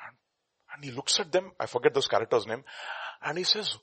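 A man preaching an animated sermon, acting out scenes and shifting between loud outbursts and quiet asides. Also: on the high side, fairly quick, vocal fry, husky, no room sound. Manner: dramatic, acts out scenes with shouted voices.

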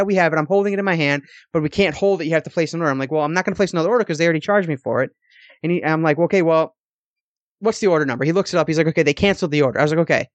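A man's voice: a little high, dry recording. A young man co-hosting a podcast, telling a long, exasperated story full of swearing in casual chat. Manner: profane, exasperated ranting storyteller. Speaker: podcast co-host.

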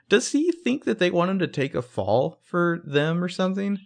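A man's voice: high voice, normal speed, creaky, few pauses. A man co-hosting a podcast, recapping an episode in casual chat and laughing often. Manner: laughs often, lively delivery. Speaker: podcast co-host.

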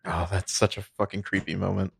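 A man's voice: deep voice, little pitch movement, fairly quick, vocal fry, slight background noise. A man co-hosting a casual movie podcast, rambling with lots of fillers and swearing. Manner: rambling, filler-heavy, profane. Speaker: podcast co-host.

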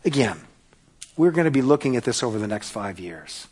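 A man giving a sermon from the pulpit in a fairly high voice. He drives his points home by repeating words, rising loud and then dropping to a hush. The delivery is personal and earnest. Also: sing-song, brisk, slightly rough. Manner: emphatic, repeats key words, swings from loud to hushed. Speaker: pastor.

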